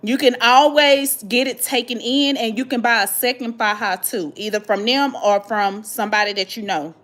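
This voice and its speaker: A woman hosting a vlog, chatting casually and reading viewer comments, animated and dramatic with slangy asides. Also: a little high, normal speed. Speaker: vlog host answering viewer questions.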